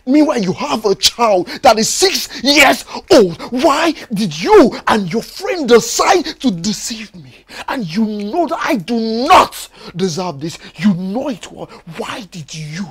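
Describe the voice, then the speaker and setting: An actor playing a heartbroken young man who accuses his bride-to-be of deceit, tearful and shouting. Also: sits high, breathy edge, heavily acted. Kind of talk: Nollywood film drama acting.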